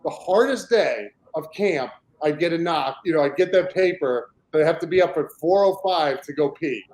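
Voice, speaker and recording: A man, a former lineman, hosting a podcast and telling an old story with animated exasperation. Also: on the high side, normal speed, echoey room, low-quality recording. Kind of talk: casual podcast chat.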